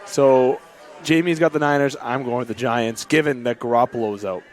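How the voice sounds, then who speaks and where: A man hosting a casual sports talk show from a bar and grill, briskly calling on his co-hosts for their picks. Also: mid-range voice.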